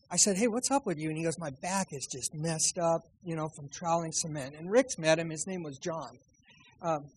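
A high-pitched male pastor tells a personal story from the pulpit. He acts out each quote and then drops into soft, quiet asides. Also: rough recording. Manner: animated anecdotal storytelling with acted quotes. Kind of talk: sermon storytelling.

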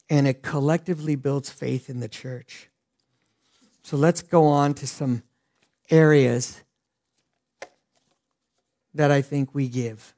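A middle-aged male pastor preaching a sermon earnestly, swinging from loud emphasis to hushed lines. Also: mid-range voice, fairly even intonation, slow, long pauses.

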